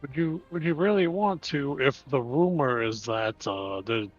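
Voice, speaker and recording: A man's voice: mid-range voice, unhurried, faint music behind. A man playing a tabletop game, joking with the table. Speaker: player. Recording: dull lo-fi mic.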